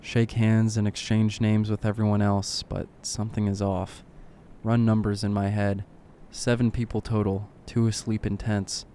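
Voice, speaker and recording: A man reading a horror story aloud in short clipped lines, keeping his voice low and subdued. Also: flat delivery, moderate pace, mellow, a little hiss or hum. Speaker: narrator.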